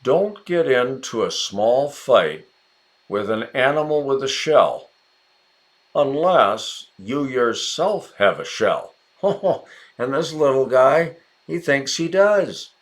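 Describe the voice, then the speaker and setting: In this casual ESL lesson, the teacher is an American man who talks in a slow, careful way with a widely varying pitch. He keeps the tone relaxed and chatty, cheering viewers on and addressing them by name.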